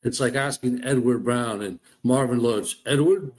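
A man's voice: medium pitch, steady tone, moderate pace, darkish tone. A man hosting a sports radio show, asking his guest questions in a rambling, repetitive way. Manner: rambling, repeats words when starting a thought. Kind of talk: casual radio chat.

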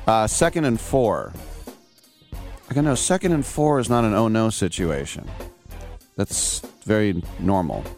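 Low-voiced joking sports radio host. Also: male voice. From Richmond, California. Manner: rambling, jokey, self-deprecating. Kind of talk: casual radio talk and storytelling.

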